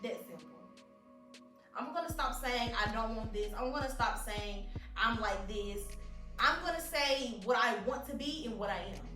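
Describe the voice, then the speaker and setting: A lively woman co-host chats casually, leaning on repeated phrases for emphasis. Her voice sits a bit high and sounds bright and sharp. The recording has a roomy echo with the mic set back and faint music underneath. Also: moderate pace, recorded from a distance. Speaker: podcast co-host. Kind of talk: casual chat.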